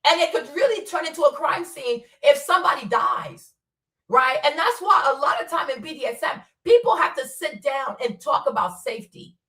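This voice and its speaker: A woman's voice: high-pitched, fairly bright tone, reverberant, recorded from a distance. A woman hosting a casual commentary stream, blunt and profane, laughing often as she rants. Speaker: commentary host.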